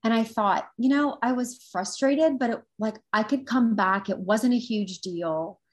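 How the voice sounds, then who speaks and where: A woman's voice: fairly high pitch, a little slow. A woman guest who teaches intuitive development, telling a story in an earnest, reflective casual chat.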